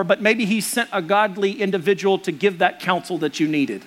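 A man's voice: sits high, a little fast, hardly any pauses, fairly bright tone. A middle-aged man preaching a sermon as a pastor, earnest and conversational.

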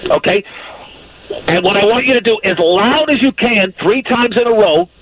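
Phone-in psychic guest, a man with a high voice, emphatic and folksy, tinny phone line with faint hiss. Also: animated, normal speed. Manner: emphatic, folksy, repeats himself. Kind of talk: call-in radio reading. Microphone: telephone.

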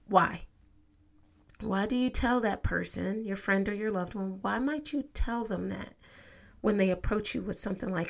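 A woman's voice: mid-range voice, normal speed, creaky, pauses often. A woman hosting a motivational podcast, talking to listeners in an upbeat, conversational way. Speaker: podcast host.

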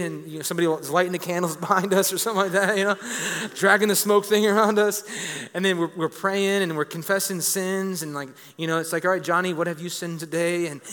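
A man in his thirties delivers a sermon in a high, bright voice. He jokes with the congregation and circles back on his words. The sound rings through a large church hall with a long reverb. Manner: energetic, joking, repeats words. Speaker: pastor.

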